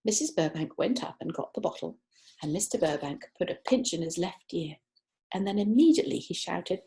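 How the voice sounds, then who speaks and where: A woman narrating a children's book, expressive and stretching words for effect. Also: fairly low pitch, fairly quick. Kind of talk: children's audiobook reading.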